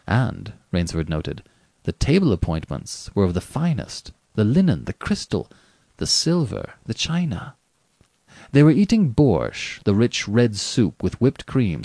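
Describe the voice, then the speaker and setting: Low-voiced guy reading a story, really expressive, dry close mic. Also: measured pace, dry recording. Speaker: narrator. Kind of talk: audiobook reading.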